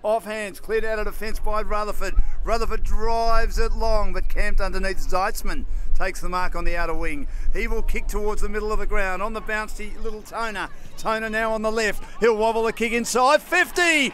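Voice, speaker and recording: An Australian man giving fast play-by-play commentary on a local football match from an outdoor commentary position, raising his voice at key moments. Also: high-pitched, slight background noise. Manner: rapid play-by-play, rising to shouts at key moments.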